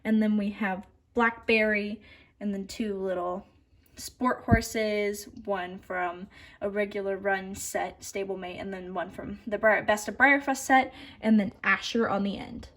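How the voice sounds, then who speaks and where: Touring her model horse collection, a young woman speaks at a measured pace in a steady, mid-range voice. The talk is casual, upbeat and chatty, with occasional stutters, restarts, and softly trailing asides.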